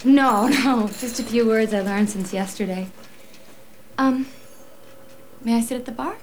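A woman's voice: fairly high pitch, unhurried, slight background noise, close to an everyday voice, low-quality recording. Woman playing a polite american traveler. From United States. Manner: polite, soft-spoken, a bit hesitant.

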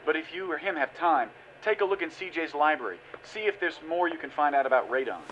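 A man playing a brisk leader over muffled radio. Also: a little high, animated, fairly bright tone, a little hiss or hum. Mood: decisive. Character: decisive male leader on a radio link.

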